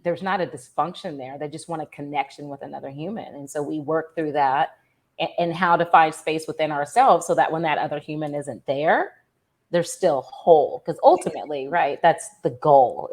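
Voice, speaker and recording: A woman's voice: low-pitched, a little mellow. A woman guest in a casual podcast chat, affirming and often finishing the other speaker's sentences. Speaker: guest, wellness business owner.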